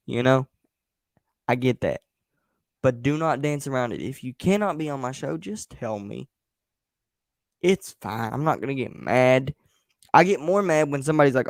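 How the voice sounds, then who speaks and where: A man hosting his own show vents his frustration in a blunt, repetitive rant full of swearing. His voice sits at an ordinary middle pitch. The sound is dry and close, with no room echo. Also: expressive, normal speed, creaky, pauses often. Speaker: podcast host. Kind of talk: angry solo rant on a live stream. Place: home at night, a partner asleep nearby.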